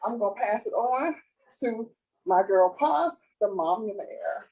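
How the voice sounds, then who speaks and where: A woman's voice: mid-range voice, animated, a little slow, a little mellow, highs cut off. Upbeat woman speaking from far off. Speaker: co-host, creative director. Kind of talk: casual live-stream chat.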